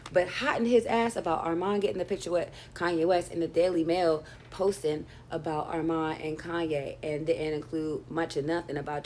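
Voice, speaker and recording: Lady doing a gossip breakdown, kinda low voice, sassy, says like a lot, faint room noise behind. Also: a little mellow. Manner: chatty, sassy, heavy with fillers. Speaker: commentary channel host. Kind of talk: casual gossip commentary.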